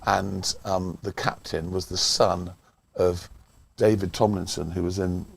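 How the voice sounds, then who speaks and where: A man doing casual cricket commentary with a gravelly voice, wry and gently teasing as he tells old stories. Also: sits low, steady tone, measured pace.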